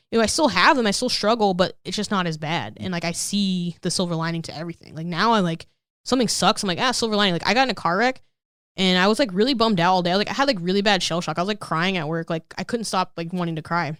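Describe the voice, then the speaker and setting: A woman's voice: on the low side, a bit bright, clean tone, no echo, clean studio sound. A woman comedian in her thirties chatting candidly on a podcast, rambling and swearing, with constant "like"s. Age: 30s. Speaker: comedian guest. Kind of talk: casual podcast interview.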